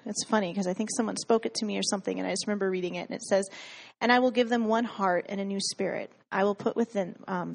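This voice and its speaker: A woman's voice: mid-range voice, gravelly. A woman telling her faith story in a casual way, full of "like" fillers and frequent laughs, acting out what she said and thought back then. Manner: chatty, many "like" fillers, laughs often, acts out her own past lines. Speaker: guest sharing a personal faith testimony.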